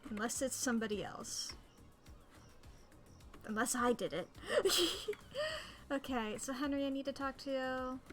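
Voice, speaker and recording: A woman's voice: high voice, unhurried, long pauses. A woman streaming a game, chatting casually and playfully, thinking aloud and humming silly noises. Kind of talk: casual gameplay commentary. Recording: game music behind.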